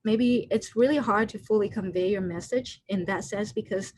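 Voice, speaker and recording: A woman's voice: medium pitch, normal speed, a little mellow, breathy edge, rough recording. Woman giving an online skills workshop. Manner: loose, unscripted, many fillers, acts out short quoted lines. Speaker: workshop presenter. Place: home room over a video call. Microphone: computer mic on a video call.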